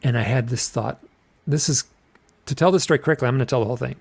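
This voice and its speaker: A man's voice: medium pitch, fast talker, vocal fry, breathy edge. A middle-aged man telling a strange personal story in a rambling, casual way, repeating phrases and acting out what people said. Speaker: podcast guest recounting an experience.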